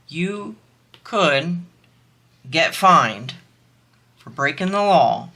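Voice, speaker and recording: A woman's voice: low-pitched, bright, forceful tone. A woman vlogger chatting casually while she crafts, amused and laughing often.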